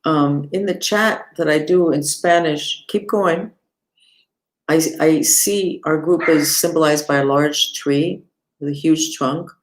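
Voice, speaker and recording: A woman who teaches mantras and meditation, giving an unhurried live-streamed lesson and talking straight to her viewers. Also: low-pitched. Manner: unhurried, talks to viewers and reads the chat aloud.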